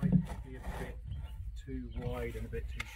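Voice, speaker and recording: A man's voice: mid-range voice, little pitch movement, moderate pace. An Irish man from West Cork with a West Cork accent, chatting in a dry, teasing, laid-back way while helping out in a garden. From West Cork, Ireland. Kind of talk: casual chat. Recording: noisy outdoor recording.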